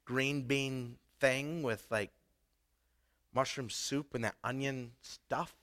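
A middle-aged man from Idaho preaching a sermon, telling personal stories and building to loud, emphatic bursts. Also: mid-range voice, fairly even intonation, slow. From Idaho, USA. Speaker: pastor.

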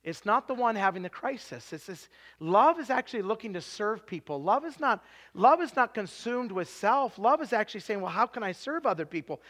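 A man in his forties preaching a sermon, telling stories with lots of restarts and sometimes dropping to a hushed, confessional tone. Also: high voice, animated, moderate pace. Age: 40s. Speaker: pastor.

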